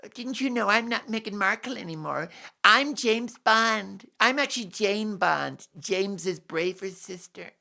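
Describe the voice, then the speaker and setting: A man's voice: lively intonation, measured pace, gravelly, pushed and bright, full character voice. A man doing a mocking impression of a vain, self-important woman who boasts that she is a spy hero. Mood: smug. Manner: mocking, high put-on falsetto.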